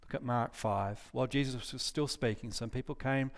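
A man preaching a relaxed sermon at a middle pitch. He reads scripture aloud, asks his listeners questions, and often stops to rephrase or correct himself. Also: normal speed. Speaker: pastor. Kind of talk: conversational sermon with scripture reading.

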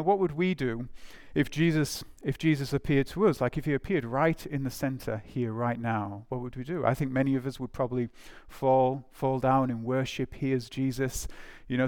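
This time the preacher's voice sits on the high side, clear and resonant, at a moderate pace with few pauses. He gives a conversational sermon, informally telling a story riddled with fillers and restarts, and turns to speak to the children in the congregation.

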